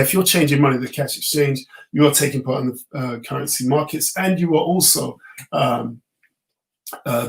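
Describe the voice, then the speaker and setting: A man teaching a live online class, sounding a little tired. He explains step by step in a relaxed way. He often stops with ums and starts his sentences over. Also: medium pitch, rough recording. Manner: relaxed, explanatory, many fillers and restarts. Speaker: trading course instructor.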